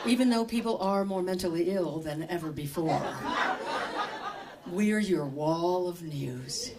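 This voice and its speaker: A woman in a stand-up parody, voicing a calm, soothing female public radio newsreader with a slow, hushed, smooth delivery. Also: fairly low pitch, far from the mic, very noisy.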